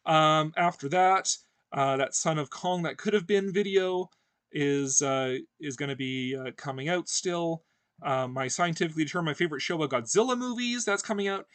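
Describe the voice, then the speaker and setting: A man hosting a casual livestream chat, rambling with many fillers and pauses. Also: fairly high pitch, fairly bright tone, clear, resonant tone, dry recording. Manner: rambling, lots of fillers and hesitations. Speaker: host.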